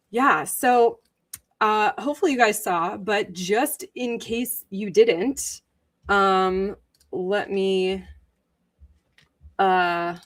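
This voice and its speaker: A woman's voice: mid-range voice, fairly bright tone. A woman hosting a casual livestream, greeting viewers by name, chatty with many ums and frequent giggles. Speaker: livestream host.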